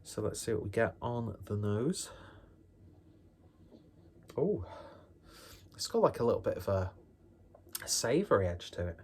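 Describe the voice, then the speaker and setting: Rambling, jokey man, low voice. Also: big pitch swings, a little slow, pauses often, darkish tone, a little hiss or hum. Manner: rambling, jokey and self-deprecating. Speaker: beer reviewer. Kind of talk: casual beer review vlog.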